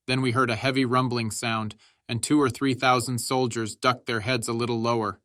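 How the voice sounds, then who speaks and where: A man narrating an audiobook in a measured, steady reading style. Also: mid-range voice, no room sound, studio quality.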